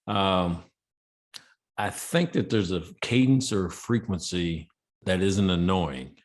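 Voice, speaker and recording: Lively storytelling man, low voice. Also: slow. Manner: animated storyteller, acts out quotes with big laughs. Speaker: podcast co-host. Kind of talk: casual podcast chat.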